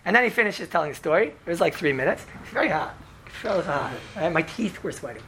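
A man telling a story to an audience in an animated, chatty way, sprinkling in Hebrew and Yiddish words and asking "right?" all the time. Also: a little high, quick pace, vocal fry, a little hiss or hum.

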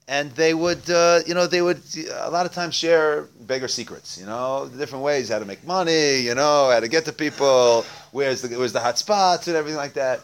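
A man's voice: medium pitch, brisk, few pauses, clear, resonant tone. A man telling a Hasidic tale as a religious lesson, in a conversational way with frequent fillers. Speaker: storyteller.

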